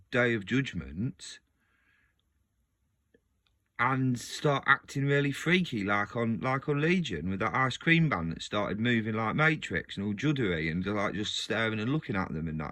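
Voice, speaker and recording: A man musing casually to his video audience, rambling and restarting his sentences. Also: fairly low pitch. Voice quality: rambling, self-interrupting, frequent restarts. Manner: animated, laughs often. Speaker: video host.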